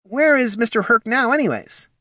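A man's voice: very high-pitched, expressive, moderate pace, sharp tone, dry recording, clean studio sound, pitched above the performer's own voice, exaggerated voice. A man voicing a polite, formal scribkin banker who sounds flustered and guilty, in a storybook reading.

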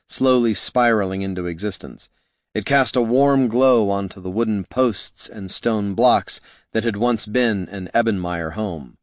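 A man reading fantasy fiction aloud in a steady, measured storytelling voice. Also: on the low side, no echo, clean studio sound. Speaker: audiobook narrator. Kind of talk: scripted fantasy narration.

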